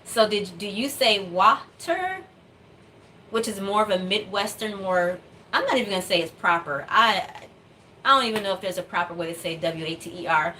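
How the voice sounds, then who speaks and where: A woman's voice: medium pitch, animated, moderate pace, pushed and bright, a little hiss or hum. A woman vlogger from the United States chatting casually to her viewers, rambling with lots of fillers and little laughs. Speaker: doll customizing vlogger.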